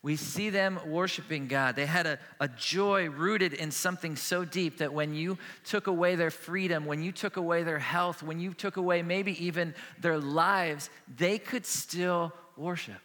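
A man's voice: fairly high pitch, unhurried, hardly any pauses. A man preaching a sermon as a pastor, earnest and conversational, speaking plainly about faith and struggle. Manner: earnest, conversational preaching with a hushed closing prayer. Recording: long hall reverb.

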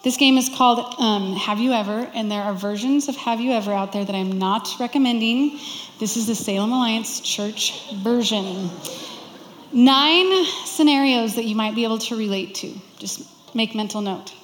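A woman pastor giving a sermon, conversational and expressive, with playful asides. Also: fairly high pitch, normal speed, slight background noise. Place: church sanctuary. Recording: echoey church hall.

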